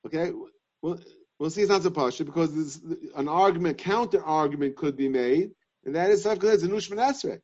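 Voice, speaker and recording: A man giving a Talmudic lesson, reasoning aloud in halting, repeated phrases. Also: fairly high pitch, a little mellow. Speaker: Torah class teacher. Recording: dull lo-fi sound.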